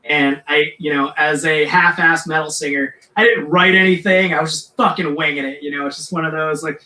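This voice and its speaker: A metal singer tells a story on a podcast, swearing constantly. He talks in a high, bright voice. It rings out in an echoey room. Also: brisk, hardly any pauses. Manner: profane, rambling, animated. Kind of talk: casual storytelling chat.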